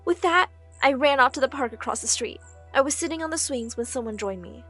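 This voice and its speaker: A woman narrating an animated drama story in an expressive, dramatic way. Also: on the high side, a little fast. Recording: faint background music.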